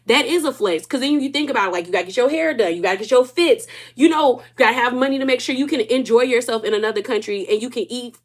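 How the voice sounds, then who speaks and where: A woman recaps a reality show in a loose, gossipy way. Her voice sits fairly high, and she stretches out her reactions as she retells each moment. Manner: gossipy, animated, drawn-out reactions. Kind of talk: casual recap commentary.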